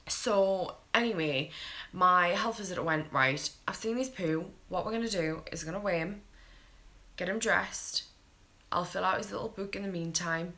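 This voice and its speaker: A British woman with a low, deep-set voice talks straight to camera like a tired young mother. She is frank and unfiltered and swears freely as she tells her story in a casual vlog. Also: sharp tone. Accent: British English. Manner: blunt, candid, swears freely.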